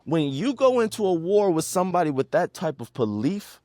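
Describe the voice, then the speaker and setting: A man's voice: high voice, very animated, normal speed, mellow, dry recording, studio quality. A man hosting a solo podcast, retelling a story and musing earnestly in a reflective tone. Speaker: podcast host.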